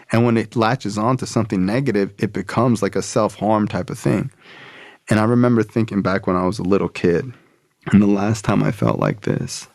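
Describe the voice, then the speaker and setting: A man's voice: on the low side, creaky, no room sound, studio quality. A man, a podcast guest, telling a personal story in a casual, loose way, full of "like" and "bro". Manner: casual, relaxed, frequent "like" and "bro".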